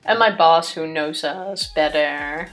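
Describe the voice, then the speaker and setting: A woman's voice: sits low, takes it slowly, a bit bright. A woman co-hosting a let's play stream, chatting casually and laughing easily as she tells a story about work. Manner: chatty, laughs easily while telling stories.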